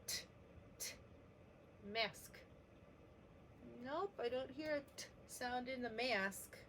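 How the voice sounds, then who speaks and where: A woman teaching a preschool letter lesson, gently sounding out each letter for young children. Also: high voice, takes it slowly, a little hiss or hum.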